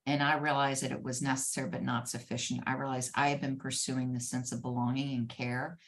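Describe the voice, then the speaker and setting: A woman with a low voice is being interviewed over a video call. She tells her stories in an animated, conversational way and laughs now and then. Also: fairly quick. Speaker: guest, former head of HR.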